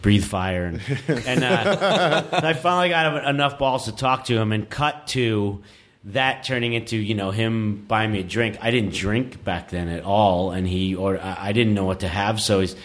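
A man, a podcast guest telling a long story in a casual, animated and profane way, laughing often. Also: fairly low pitch, normal speed. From Queens, New York. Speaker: podcast guest, metal musician.

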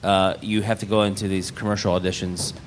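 A man's voice: sits low, flat delivery, fairly quick, a little hiss or hum. A man guest on a live comedy podcast telling a rambling story with many fillers and dry wit.

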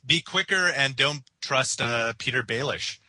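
Man, very dry close sound, chatty co-host, bright tone. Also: medium pitch, dry recording, rough recording. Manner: chatty, halting with many fillers and restarts. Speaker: podcast co-host. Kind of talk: casual TV discussion.

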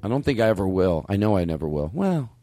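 Rambling playful host, dry sound. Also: male voice, deep voice, sing-song, quick pace, dark tone, no room sound. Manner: rambling, self-interrupting, playful. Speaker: podcast host. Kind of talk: casual comedy chat.

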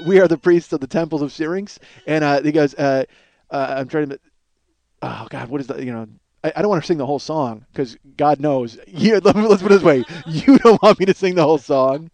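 A man's voice: medium pitch, a little mellow. A middle-aged man telling a rambling, self-mocking comic story as a podcast host. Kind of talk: casual comedic monologue.

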